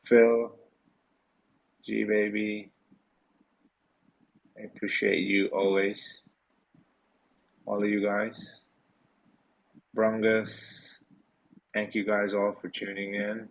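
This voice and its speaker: A man with a deep, gravelly voice hosts a loose live Q&A, sounding worn out from a long day. His talk is rambling and full of fillers, with a husky edge throughout. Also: very slow, long pauses, low-quality recording. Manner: relaxed, rambling, many fillers. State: tired, yawning. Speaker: host of a community Q&A. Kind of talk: casual live audio chat.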